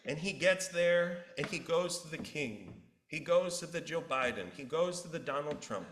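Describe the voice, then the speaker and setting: A male pastor preaching a sermon, an animated storyteller who acts out the characters. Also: on the high side, moderate pace, a little hiss or hum. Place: church sanctuary. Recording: roomy church echo.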